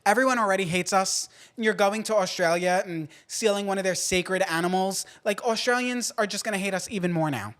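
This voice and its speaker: A man hosting a podcast in a casual, playful way, swinging between loud outbursts and quiet asides. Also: high voice, a little fast, hardly any pauses. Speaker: podcast host.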